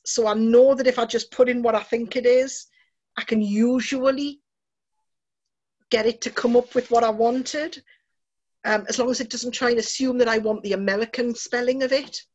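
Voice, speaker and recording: Woman host, enthusiastic, breathy, slightly high voice, dull lo-fi sound. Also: steady tone, normal speed, a little mellow. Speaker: podcast host. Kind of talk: casual chat.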